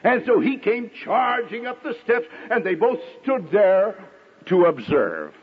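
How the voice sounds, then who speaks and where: Middle-aged male preacher, high husky voice, wildly animated delivery, acts out characters, muffled radio-era recording. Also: in a large hall. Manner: dramatic pauses, acts out quoted voices. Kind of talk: sermon.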